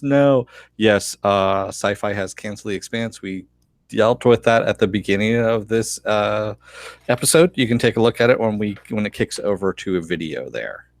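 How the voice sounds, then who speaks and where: A man co-hosting a podcast, chatting casually and telling animated stories with frequent laughter. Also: fairly low pitch, no room sound. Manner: animated storyteller, laughs often. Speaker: podcast co-host. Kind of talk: casual chat.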